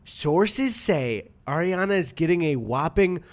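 A man co-hosting a podcast with a fairly high, very lively voice that swings up and down. He laughs often and mutters while reading things off a screen in casual chat. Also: a little slow. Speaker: podcast co-host.

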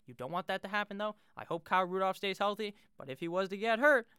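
Brash, high-voiced profane sports talker. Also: male voice, sharp tone, clean tone, no room sound, studio quality. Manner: brash, joking, swears freely. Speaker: fantasy football video host. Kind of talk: casual profane fantasy football rankings.

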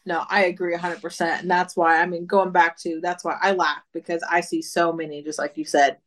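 A woman's voice: fairly low pitch, little pitch movement, brisk. A woman guest on a podcast, chatting casually, agreeing and speaking frankly with some swearing.

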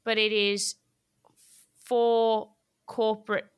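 A woman, a guest telling a personal story in an interview, lively and laughing often. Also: fairly high pitch, slow pace, clean tone, no room sound, clean studio sound.

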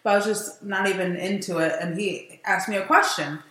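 Woman cohosting a podcast, blunt and lively, laughs a lot, room echo. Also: mid-range voice, a little fast. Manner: blunt, animated storyteller, laughs often. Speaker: podcast co-host. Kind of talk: casual chat.

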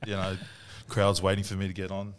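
A man's voice: low voice, a little fast, a little hiss or hum. A man telling an embarrassing rugby story on a casual podcast, mocking himself. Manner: self-mocking, lively storyteller. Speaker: podcast co-host. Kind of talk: casual chat.

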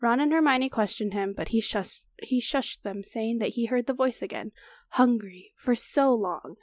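Woman reading a chapter out loud on a podcast, higher voice, dry close sound. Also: normal speed, dry recording. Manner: reads steadily, stops to comment and laugh. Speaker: podcast co-host. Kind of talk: reading a book chapter aloud and recapping.

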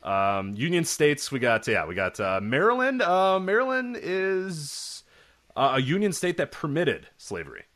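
A man co-hosting a podcast in casual chat, telling stories with animated delivery and acting out the people in them. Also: on the high side, unhurried. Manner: animated storyteller, acts out voices in anecdotes. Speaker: podcast co-host.

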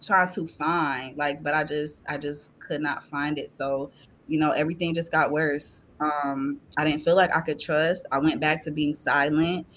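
A woman's voice: low voice, fairly even intonation, moderate pace, fairly bright tone, slight background noise. A woman guest on a podcast giving a personal faith testimony. She talks in an earnest, emotional way and fills her sentences with "like". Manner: earnest and emotional, heavy use of "like".

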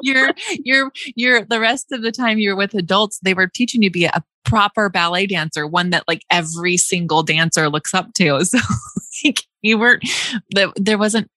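A woman's voice: medium pitch, normal speed, sharp tone, dry recording, studio quality. A young adult woman hosting a casual chat, talking freely with frequent laughs and restarts. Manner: chatty, laughs often, many restarts and likes.

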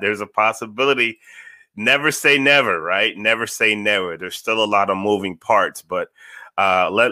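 Male podcast host, low and punchy, dry close sound. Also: dry recording. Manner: animated, talks to chat viewers, repeats phrases for emphasis. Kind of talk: casual sports podcast talk.

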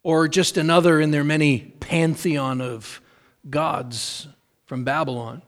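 Male pastor, middle-aged, earnest measured sermon delivery, slightly raised pitch. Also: fairly even intonation. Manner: earnest, measured preaching with emphatic repetition.

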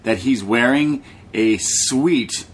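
A man's voice: medium pitch, slow, a little hiss or hum. A young man co-hosting a podcast, casually recapping wrestling in a laid-back, jokey way with plenty of swearing. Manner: laid-back, profane, jokey, mimics people. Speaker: podcast co-host.

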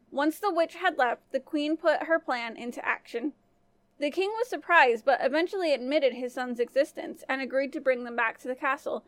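A woman storyteller narrating a fairy tale for a family-friendly podcast in a gentle manner. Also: high voice, moderate pace, no echo.

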